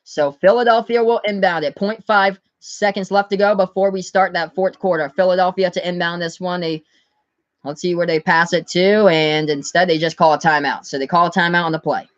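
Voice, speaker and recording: A man from the US Northeast giving live play-by-play commentary on his stream, calling the score briskly and talking to his chat. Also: sits high, steady tone, dry recording, dull audio.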